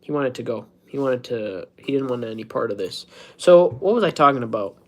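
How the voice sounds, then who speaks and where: A man's voice: mid-range voice, lively intonation, brisk. A man in his thirties chatting casually on a live stream from home, rambling, self-mocking and laughing at his own jokes. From United States. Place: at home, indoors.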